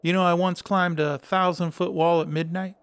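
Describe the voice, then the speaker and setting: Man reading as a cool easygoing climber, clear dry voice. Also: sits high, level tone, normal speed, no room sound. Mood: laconic. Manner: cool, laconic. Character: calm laid-back young male climber hacker.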